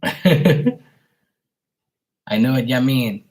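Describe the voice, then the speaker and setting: A man on a live stream at home, greeting viewers by name in a relaxed, affectionate way. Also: mid-range voice, drawn-out words. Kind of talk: casual live-stream chat.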